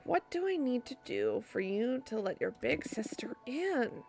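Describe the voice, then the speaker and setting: A woman's voice: fairly high pitch, big pitch swings, measured pace, vocal fry, a little mellow, exaggerated voice. A woman voicing an older witch who is the stern, protective big sister, speaking in a firm, lecturing tone. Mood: scolding.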